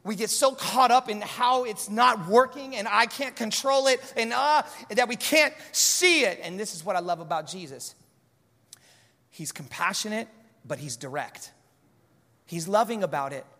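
High, bright-voiced man preaching. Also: moderate pace, in a large hall. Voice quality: animated, joking, loud storytelling. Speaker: guest preacher. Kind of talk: sermon.

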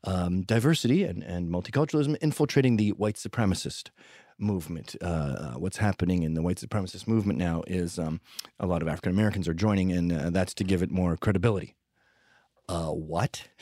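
A man's voice: sits low, brisk, dark tone, dry recording, clean studio sound. A man telling rambling, profane stories with sardonic humor in a comedic monologue. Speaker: podcast host telling stories.

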